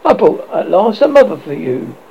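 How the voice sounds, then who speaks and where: A reader voicing a boastful boy leader in a storybook, crying his lines out high in a dull lo-fi recording. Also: big pitch swings, normal speed, vocal fry, slight background noise. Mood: eager. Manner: cries out lines high and proud.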